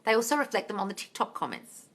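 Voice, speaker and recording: A woman's voice: mid-range voice, big pitch swings, fast. An Australian woman hosting a live Q&A, reading out viewer comments and answering them bluntly, with plenty of swearing and calling people darling. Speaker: live-stream host answering viewer questions.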